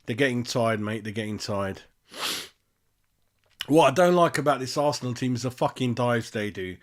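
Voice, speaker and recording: A man's voice: mid-range voice, expressive, moderate pace. A man hosting a casual match-reaction chat, chatty and ranting with plenty of swearing. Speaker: fan channel host.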